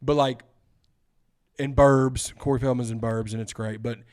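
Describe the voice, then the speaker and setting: A man's voice: mid-range voice, steady tone, measured pace, darkish tone. A man co-hosting a podcast, talking in an easygoing, casual way, full of fillers and "dude". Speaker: podcast co-host. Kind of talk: casual chat.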